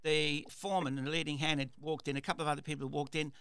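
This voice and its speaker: A man's voice: on the high side, flat delivery, very fast, a bit bright, smooth, dry recording. A man hosting a radio talk show, telling a story in a rambling way, with repeated words and restarts. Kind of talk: casual storytelling monologue.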